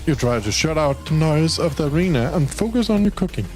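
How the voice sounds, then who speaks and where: A young Danish man streams a dating game, reading its text aloud casually and playfully, swearing now and then and talking to his pet. His voice is fairly high and darkish, with lively intonation and a brisk pace. Soft music plays behind the low-quality recording.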